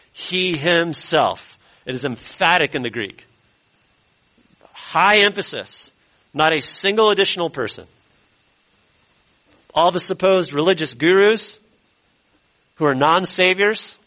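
Emphatic bright-voiced male preacher. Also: a little high, dull audio. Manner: emphatic, slows and rises on key words. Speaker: pastor. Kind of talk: expository sermon.

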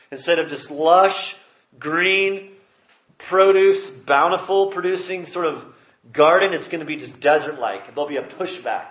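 A man's voice: fairly high pitch, moderate pace, fairly bright tone, roomy sound. A man preaching a sermon, reading scripture aloud and explaining it with emphatic rises. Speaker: pastor. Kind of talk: expository sermon.

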